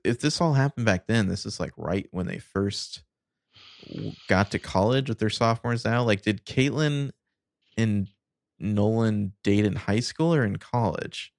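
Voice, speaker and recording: A man co-hosts a casual podcast, musing in hesitant, sardonic asides. His voice is low and gravelly, recorded dry and close with no room sound. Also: measured pace, no echo. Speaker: podcast co-host. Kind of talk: casual chat.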